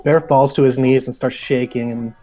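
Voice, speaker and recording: A man's voice: medium pitch, fairly even intonation, normal speed, mellow, faint music behind, rough recording. A man playing a tabletop game, plainly describing what his character does. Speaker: player.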